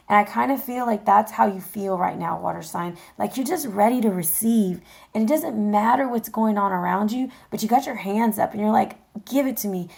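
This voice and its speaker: Addressing viewers straight on, a female tarot reader offers an encouraging, casual reading and keeps asking "okay?". Her medium-pitched voice has vocal fry and a darkish tone, and it is growing weary.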